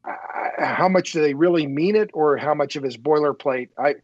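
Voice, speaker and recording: A man's voice: on the high side, normal speed, no room sound, muffled recording. A man speaking as a guest in a casual interview, talkative and restarting his words as he works into each point. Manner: talkative, repeats words when starting a thought. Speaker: podcast guest, energy writer.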